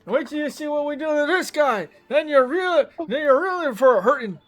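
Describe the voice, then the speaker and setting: A man voicing a cranky old male jailer with a walking stick, gruff, shouting and cursing. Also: extremely high pitch, expressive, brisk, soft background music, voice pushed up. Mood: angry.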